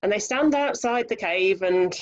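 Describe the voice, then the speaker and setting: A woman reading a children's story aloud over a video call, lively, expressive and chatty. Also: medium pitch, normal speed, lo-fi sound.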